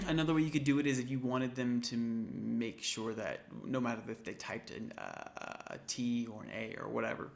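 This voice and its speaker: In this screen-recorded coding walkthrough, a man tutoring an intro programming class types along while casually thinking out loud and fixing his own mistakes. His medium-pitched voice is expressive and creaky, at a normal speed with few pauses, and typing sounds run underneath.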